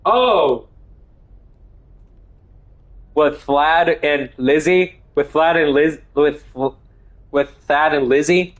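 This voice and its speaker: A man streaming a video game live, reacting excitably, swearing and shouting. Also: a little high, very slow, long pauses, muffled recording. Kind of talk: live gaming stream commentary.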